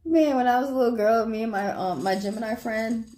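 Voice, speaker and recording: A young tarot reader chats casually on a livestream, reading out viewers' questions and answering in loose slang while laughing often as she tells stories. Her voice is fairly high, steady, fast, and darkish in tone.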